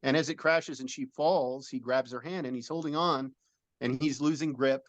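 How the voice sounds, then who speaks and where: A man's voice: medium pitch, steady tone, moderate pace, no room sound. Earnest middle-aged man telling a long story. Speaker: film director and producer. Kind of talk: interview, describing a film idea.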